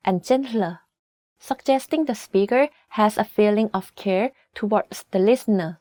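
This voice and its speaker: A woman whose first language is Thai teaches a scripted video lesson, with clear, deliberate delivery that slows down for example words. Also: a little high, darkish tone, dry recording, studio quality.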